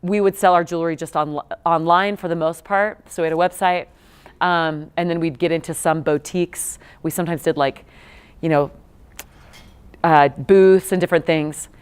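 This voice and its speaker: A woman's voice: on the low side, fairly even intonation, normal speed, clear, resonant tone. A woman in her thirties giving a talk to students, telling stories in a chatty way with many fillers and restarts. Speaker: guest speaker, nonprofit co-founder. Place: lecture room.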